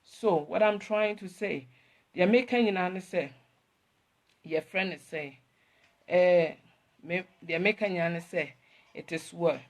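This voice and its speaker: A woman's voice: on the low side, a little slow, long pauses. A woman, hosting an emotional live talk to her viewers, rambling and repeating herself as she switches between English and Twi. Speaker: online host talking to viewers.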